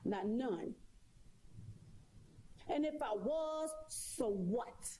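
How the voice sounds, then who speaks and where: Woman, high mellow voice, sassy, emphatic, repeats herself, casual monologue. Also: lively intonation, very slow, husky. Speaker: live streamer.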